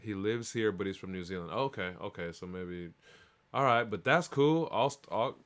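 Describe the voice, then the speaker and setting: A man's voice: fairly low pitch, moderate pace, a bit bright. A man hosting a live stream, chatting in a loose, rambling, profane and hyped way. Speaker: livestream show host. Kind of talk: casual live-stream chat.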